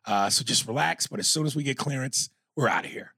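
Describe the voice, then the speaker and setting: A man imitating an airline captain making calm, drawn-out intercom announcements full of "uh"s. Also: mid-range voice, gravelly, slightly rough, no echo, clean studio sound, exaggerated voice. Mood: weary calm. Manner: flat announcer patter with drawn-out "uh"s.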